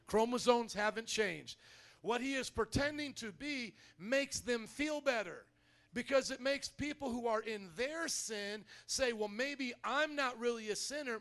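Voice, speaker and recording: A man preaching a sermon in a church, energetic and conversational, calling out to his congregation. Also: very high-pitched. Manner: energetic, conversational preaching with audience call-outs. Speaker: pastor.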